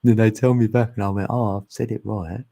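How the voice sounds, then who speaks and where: A man's voice: fairly low pitch, fairly even intonation, fast, vocal fry, dark tone. A man talking casually and ramblingly as a channel host, often laughing. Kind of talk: casual spiritual chat. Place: long live stream.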